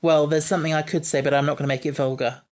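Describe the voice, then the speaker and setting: A man's voice: fairly high pitch, steady tone, rapid-fire, darkish tone. A man hosting a podcast, chatting casually, musing aloud and laughing easily. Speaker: podcast host. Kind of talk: casual chat.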